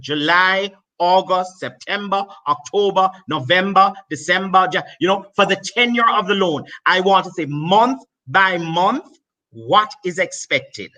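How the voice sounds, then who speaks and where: A man's voice: high-pitched, expressive, unhurried, pushed and bright, rough recording. A man with a Jamaican accent giving emphatic, repetitive advice on business loans as a finance guest. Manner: emphatic, repeats key points.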